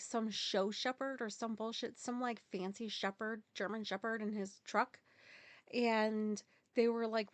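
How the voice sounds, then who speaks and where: A woman's voice: medium pitch, dry recording. A woman telling a personal story in a casual, rambling, candid way, swearing freely and using many fillers. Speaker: podcast host.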